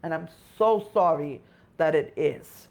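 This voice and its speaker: A woman's voice: low-pitched, unhurried, narrow, tinny audio. A woman with a Spanish accent, co-hosting a casual live stream, chatty and sympathetic, talking in short run-on phrases. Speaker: co-host.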